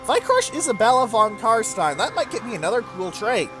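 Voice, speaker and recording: A man with a high, very lively voice narrates his strategy game in a chatty let's-play style. He swears casually and reacts to each turn as it comes. Clear music runs behind him. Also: a little fast. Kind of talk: gameplay commentary.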